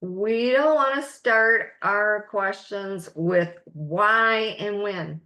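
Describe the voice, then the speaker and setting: Woman coach, mid pitch, slow and deliberate, encouraging masterclass delivery. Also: bright, forceful tone. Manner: slow, encouraging, emphatic teaching with quotes. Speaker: life coach.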